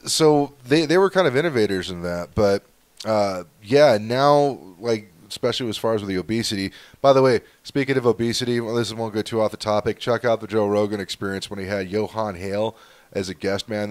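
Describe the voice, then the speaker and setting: Rambling low-voiced man telling stories. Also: fairly quick, no room sound. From Southern California. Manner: rambling, animated storytelling, swears, laughs often. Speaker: podcast host. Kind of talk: casual chat.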